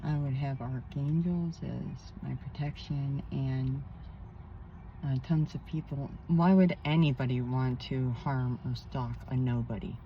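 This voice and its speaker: A woman's voice: very deep voice, a little slow, muffled recording, slight background noise. A woman working as a spiritual counselor, talking in a rambling personal vlog outdoors by a pond, emphatic with indignant asides.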